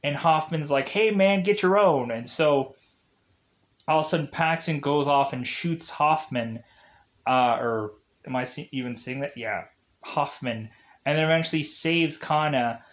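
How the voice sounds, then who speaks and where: A man's voice: medium pitch, fairly even intonation, a little slow, fairly bright tone. A man giving a casual, rambling plot recap of a movie, full of fillers and self-corrections. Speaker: movie reviewer.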